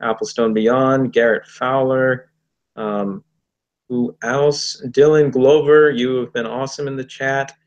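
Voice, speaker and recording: An upbeat man hosts a casual livestream, thanking viewers and pausing with "um"s between names. His voice sits in an ordinary middle range. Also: medium pitch, steady tone, lo-fi sound. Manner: upbeat, with many "um"s while listing names. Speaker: livestream host. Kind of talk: casual livestream chat, shout-outs.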